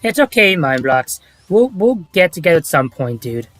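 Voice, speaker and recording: Brief: stream host, man, slightly high voice, rambling chat, dry close sound. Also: sing-song, moderate pace, fairly bright tone, no echo, faint music behind. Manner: rambling, hesitant, with many restarts. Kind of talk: casual chat on a livestream.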